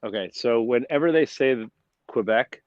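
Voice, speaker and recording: A man, a brewery owner, chatting as a guest and telling animated jokey stories over a phone. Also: medium pitch, moderate pace, dry recording. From United States. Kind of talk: casual chat over a phone line. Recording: muffled dry phone-call audio.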